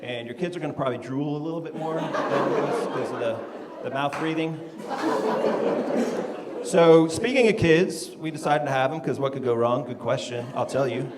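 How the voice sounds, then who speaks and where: A middle-aged stand-up comedian with a slightly high voice performs a set on a comedy club stage, self-deprecating and unhurried, laid-back with frequent ums. The live club recording has long reverb and noise from the reverberant room.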